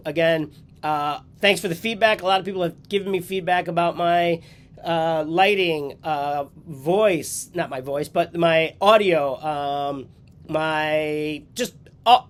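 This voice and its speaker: Nasal, congested man vlogging. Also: a little high. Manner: upbeat, rambling with fillers and restarts. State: congested with a cold. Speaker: host. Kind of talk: casual vlog talk to camera. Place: home office.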